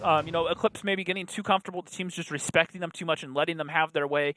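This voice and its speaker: A man delivers quick, analytical live esports commentary at a brisk clip, his voice sitting a little high for a man. Game music plays clearly underneath him, and he climbs louder and higher whenever the action peaks. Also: level tone. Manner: fast analytical play-by-play, loud and high at climaxes. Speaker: esports caster.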